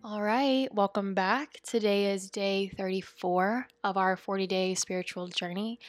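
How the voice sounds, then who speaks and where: A woman with a mid-range voice and fairly flat pitch speaks at an unhurried pace, with no echo in the recording. She hosts a spiritual coaching podcast and delivers a casual monologue, earnest and chatty, rambling along with frequent asides.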